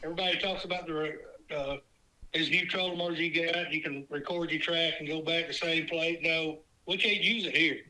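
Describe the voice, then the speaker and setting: A man's voice: fairly high pitch, fairly even intonation, brisk, pushed and bright, poor audio. A man, a fishing guide joking casually on a podcast, often laughing as he talks. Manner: laughs while talking, joking.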